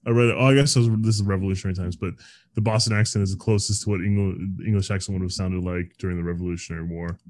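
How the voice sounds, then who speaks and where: A man's voice: low-pitched, fairly even intonation, rapid-fire, a little mellow. Wry, teasing male podcast co-host. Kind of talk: casual conversational podcast.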